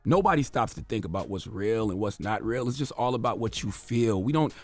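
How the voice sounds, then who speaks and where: A man's voice: lowish voice, lively intonation, fairly quick, no room sound. Emphatic man ranting on the radio. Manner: emphatic, preachy, sarcastic. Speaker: radio show host. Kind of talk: radio commentary rant. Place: radio studio.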